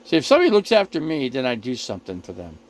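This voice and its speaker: A man streaming live from his RV, talking to his chat in a mid-pitched voice. He rambles, doubles back and repeats himself. He sounds defensive as he answers his viewers. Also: huge pitch swings, racing, low-quality recording. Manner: rambling, repetitive, defensive, addressing viewers directly. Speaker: RV living livestream host. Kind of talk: casual livestream talk to chat.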